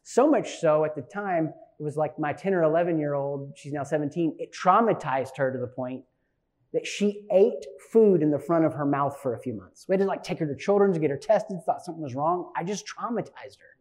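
Animated storytelling pastor, a man. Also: a little high, a little fast. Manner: animated storyteller, swinging from loud bursts to hushed asides. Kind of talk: sermon with personal storytelling.

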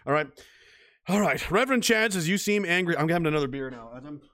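A man with a high, bright, forceful voice rants through a livestream, reading viewer comments and swearing hard. His tone is blunt and angry throughout, and the sound is close and dry. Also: expressive, quick pace, dry recording. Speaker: livestream host reading chat. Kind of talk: profane ranting commentary.

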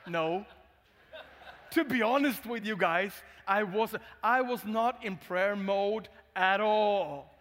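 A Swedish-accented male pastor tells a humorous, candid story from the pulpit. His voice sits high for a man. A long hall reverb trails after every phrase. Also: takes it slowly, fairly bright tone. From Sweden. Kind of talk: sermon.

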